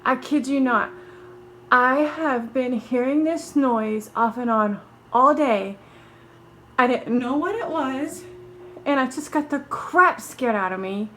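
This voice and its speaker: Woman, casual home vlog, excitable, flustered, breathless, echoey room, faint background hiss. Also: high-pitched, takes it slowly. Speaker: vlogger. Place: inside a house.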